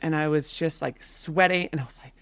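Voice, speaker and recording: Animated woman telling a story, dry sound. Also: low-pitched, fairly quick, clear, resonant tone, no echo. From Canada. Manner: animated, filler-heavy storytelling. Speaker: podcast guest. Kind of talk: casual storytelling.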